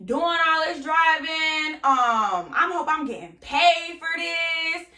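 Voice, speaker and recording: A woman voicing an angry middle-aged mother who is fed up and shouting at the young women in her car. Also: very high-pitched, lively intonation, takes it slowly, recorded from a distance, pitched above the performer's own voice, full character voice. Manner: shouting, exasperated. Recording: roomy, off-mic, faint music.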